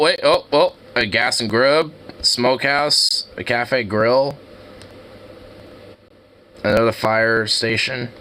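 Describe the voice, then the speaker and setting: Slangy, excitable male streamer reacting as he browses maps, unhurried delivery, bright voice. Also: mid-range voice, slight background noise. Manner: excitable, laughs often, slangy. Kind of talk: casual commentary while browsing street view.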